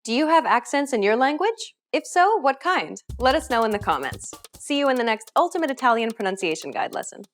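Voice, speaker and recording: Lively, high-voiced woman teaching pronunciation. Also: brisk, few pauses, faint music behind. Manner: clear, upbeat explanations with modeled example words. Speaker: language teacher. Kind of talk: scripted pronunciation lesson.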